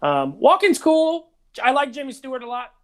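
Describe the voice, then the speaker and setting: A man's voice: very high-pitched, very animated, moderate pace, fairly bright tone. A man in his thirties co-hosting a podcast, rambling in casual chat with lots of "like". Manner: rambling, heavy use of "like". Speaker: podcast co-host.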